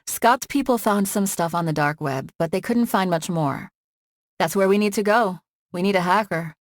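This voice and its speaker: A woman voicing a sharp, practical young heroine in an audiobook, speaking dry and matter-of-fact. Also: on the low side, normal speed, dry recording, close to an everyday voice.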